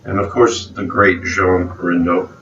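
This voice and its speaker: A man from South Louisiana co-hosting a casual movie chat, relaxed and opinionated, chuckling often. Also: low voice, measured pace. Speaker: co-host of a movie review show. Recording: roomy, distant, dull, faint background hiss.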